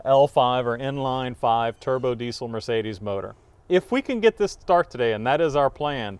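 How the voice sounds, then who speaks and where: Garage host guy, easy laughing chat, smooth clean voice. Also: medium pitch, a little mellow, dry recording. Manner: upbeat, quick to laugh, rambling explanations. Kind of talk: casual chat.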